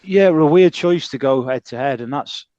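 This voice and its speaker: A man, co-hosting a casual podcast, measured and dry in manner. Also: medium pitch, a little mellow, muffled recording. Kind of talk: casual chat.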